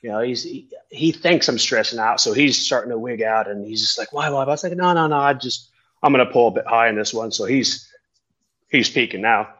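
A man's voice: medium pitch, a little fast, lo-fi sound. Rambling man telling stories. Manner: rambling, animated, swears freely. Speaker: tandem skydiving instructor. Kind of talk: casual storytelling chat.

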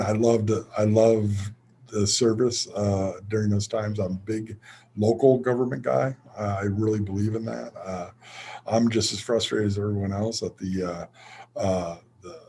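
A man's voice: lowish voice, dark tone, slight background noise. A middle-aged man, a college president, speaking candidly in an interview and telling stories with a self-deprecating humor. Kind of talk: interview conversation.

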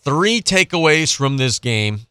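Sarcastic male sports show host, crisp voice, casual rant. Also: fairly high pitch, very animated, slow pace, pushed and bright, no echo, studio quality. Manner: sarcastic, ranting.

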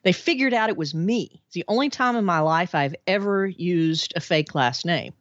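A woman, a podcast guest telling her life story in a chatty, animated way with frequent laughs. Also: on the low side, normal speed, dry recording, muffled recording. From Arkansas, USA. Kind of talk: casual storytelling interview.

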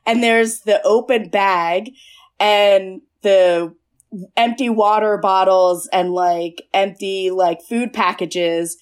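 Woman, podcast host, unhurried, rambling, casual chat, lots of fillers. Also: medium pitch, steady tone, clear, resonant tone. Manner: rambling, many fillers and restarts. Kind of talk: casual chat about a movie.

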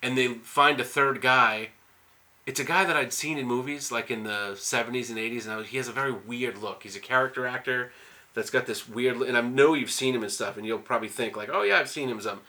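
Fast, bright-voiced male podcast host. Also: medium pitch. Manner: rambling, profane movie recap with frequent "like". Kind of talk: casual podcast chat.

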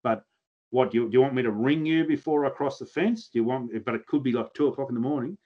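A man's voice: medium pitch, fast talker, highs cut off. Blunt Australian man spinning yarns. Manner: blunt, earthy storytelling with mild swearing. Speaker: podcast guest, pig hunter. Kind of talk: casual podcast chat.

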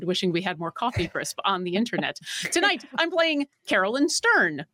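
A woman's voice: mid-range voice, fairly bright tone, dry recording. A woman introducing herself as a tabletop game player in a playful, laughing way. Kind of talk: casual self-introduction.

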